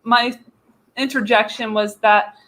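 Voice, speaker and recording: A woman's voice: on the high side, fairly even intonation, takes it slowly, a bit bright. A woman guest on an online panel, speaking casually with fillers and light laughs. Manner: chatty, laughs between points. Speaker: guest journalist.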